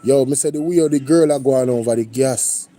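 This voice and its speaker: A man's voice: medium pitch, brisk, dark tone, soft background music. A Jamaican man hosting a reaction stream, commenting casually and slipping into patois. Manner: conversational, lapsing into patois. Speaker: reaction channel host. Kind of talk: casual commentary with livestream shout-outs.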